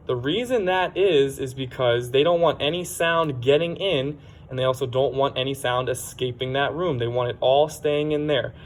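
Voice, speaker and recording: A man teaching a science lesson for children in a plain, explanatory way, sometimes correcting himself. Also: mid-range voice.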